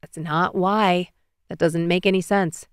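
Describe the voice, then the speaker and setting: A woman's voice: deep voice, completely flat delivery, normal speed, darkish tone, no room sound, studio quality, pitched below the performer's own voice, natural voice. A woman narrator voicing a grumpy, exasperated adult man in an audiobook.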